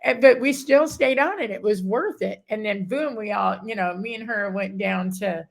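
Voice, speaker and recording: Middle-aged woman, gravelly creak, chatty guest who restarts her sentences a lot. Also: medium pitch, moderate pace. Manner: rambling, self-interrupting, acts out others' words. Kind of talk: emotional personal story in a casual chat.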